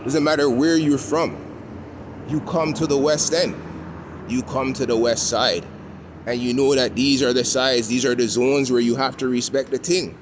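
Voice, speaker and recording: A man with a Toronto accent rants casually as he walks down a city street, his voice at an ordinary pitch. He talks in loose street slang and keeps checking in with "you know what I mean". Traffic rumbles clearly behind him. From Toronto, Canada. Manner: laid-back street slang, lots of "you know what I'm saying". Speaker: vlogger. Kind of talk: casual walking vlog rant. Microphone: handheld camera while walking. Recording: street noise from passing vehicles. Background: traffic and street ambience.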